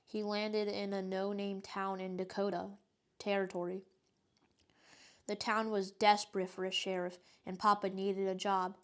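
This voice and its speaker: A woman reading a children's book aloud in a steady, even narrating voice. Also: medium pitch, measured pace. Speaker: storyteller.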